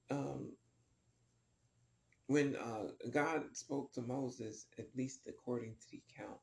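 A man's voice: medium pitch, vocal fry, a little mellow, echoey room. A man teaching a casual Bible lesson, rambling with many ums and restarts.

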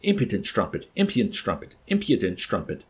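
A man voicing an enraged, unstable young man who shouts and rants verse. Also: deep voice, big pitch swings, normal speed, breathy edge, heavily acted. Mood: ranting. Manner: shouting, ranting recitation.

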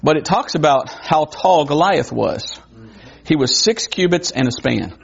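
Gravelly-voiced male preacher, lo-fi. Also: fairly high pitch, expressive. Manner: conversational, wondering aloud, quick asides. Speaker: pastor. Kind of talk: sermon. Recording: dull lo-fi recording.

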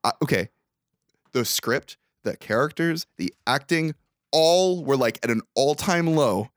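A young man recapping a movie in casual podcast chat, animated, profane and mock-exasperated. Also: medium pitch, unhurried, dry recording, clean studio sound. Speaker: podcast co-host.

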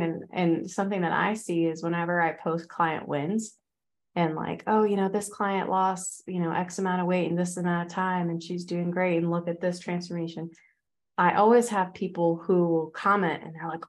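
A woman's voice: lowish voice, steady tone, normal speed. A woman fitness coach in casual podcast chat, talking loosely with many fillers and acting out quoted voices.

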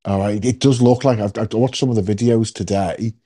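Guy hosting a podcast, mellow voice, jokey, lots of ums. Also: fairly low pitch, steady tone, fairly quick. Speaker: podcast host. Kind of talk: casual chat.

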